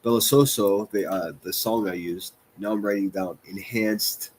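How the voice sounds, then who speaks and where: A fairly low, husky, steady male voice at normal speed runs a commentary livestream. He mocks what he plays with crude, sarcastic reactions.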